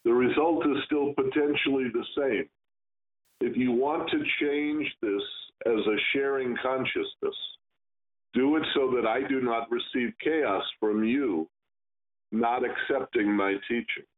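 A man teaching Kabbalah, giving a slow, stern lesson on pronouncing Hebrew letters and stretching words to demonstrate. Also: medium pitch. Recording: tinny phone-like sound.

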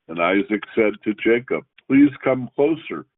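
A man reading scripture aloud and pausing to explain it as a Torah teacher, in a slow, measured way. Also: lowish voice, expressive. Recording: phone-like radio broadcast.

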